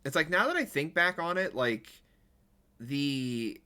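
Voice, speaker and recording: A man's voice: fairly high pitch, big pitch swings, unhurried, pushed and bright. A male streamer chatting casually and rambling while he plays a golf game. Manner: rambling, chatty, self-correcting. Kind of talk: casual chat while gaming.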